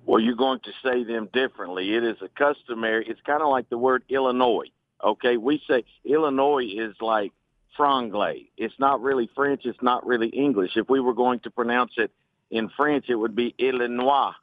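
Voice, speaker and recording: Man, Alabama accent, radio caller, measured and explanatory, tinny phone line, dry sound. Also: mid-range voice, no echo. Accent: Southern US, Alabama. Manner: measured, explanatory, folksy humor. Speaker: caller, former missionary and French teacher.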